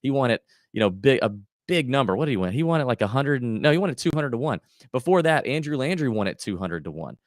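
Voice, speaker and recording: A man's voice: medium pitch, big pitch swings, fast talker, dry recording, clean studio sound. A man hosting a golf betting livestream, chatting casually and thinking aloud with lots of fillers and restarts. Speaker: golf betting podcast host.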